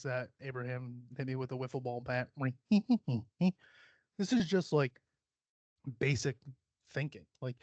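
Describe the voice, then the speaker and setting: A man's voice: mid-range voice, a little mellow, no echo, lo-fi sound. A young adult man hosting a podcast, ranting casually with lots of swearing, rambling asides and self-mocking laughs. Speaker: podcast host. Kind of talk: casual solo podcast rant.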